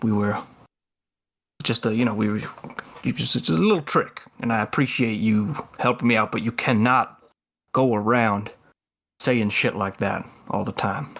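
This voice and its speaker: A man's voice: lowish voice, moderate pace, a bit bright, pitched below the performer's own voice. A man voicing Ledger, a glib, unflappable con man who talks his way out of trouble. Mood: smooth. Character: smooth-talking confident male con man, Ledger.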